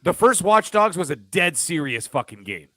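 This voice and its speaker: A man's voice: a little high, sing-song, moderate pace, bright, forceful tone, no echo. A man co-hosting a gaming podcast, ranting in casual, profane chat. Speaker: podcast co-host.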